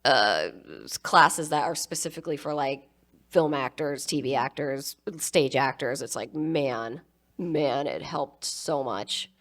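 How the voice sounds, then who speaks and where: A woman's voice: a bass voice, a bit bright. A woman on a convention panel telling stories with many fillers and restarts, but with enthusiasm. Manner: halting, filler-heavy, enthusiastic. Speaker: voice actor panelist. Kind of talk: casual convention panel storytelling.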